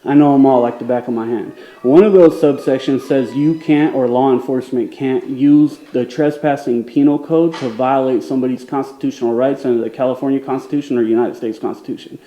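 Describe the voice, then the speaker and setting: A man's voice: mid-range voice, steady tone, fairly quick, few pauses, warm tone, reverberant, highs cut off. A man filming as a citizen journalist in a government office lobby, assertively lecturing a guard about the law and laughing it off. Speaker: self-described journalist filming a public office. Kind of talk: confrontational on-camera argument. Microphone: handheld camera.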